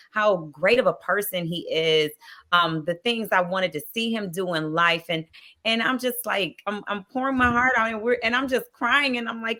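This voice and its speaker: Bright-voiced woman telling stories. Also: fairly low pitch. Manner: lively storytelling that acts out past conversations. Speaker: podcast guest, reality show contestant. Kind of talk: casual chat.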